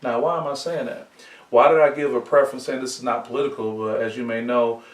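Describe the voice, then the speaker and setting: A man hosting a sports psychology podcast, telling stories in a casual, animated way and asking himself rhetorical questions. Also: mid-range voice, fast talker. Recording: roomy, distant mic.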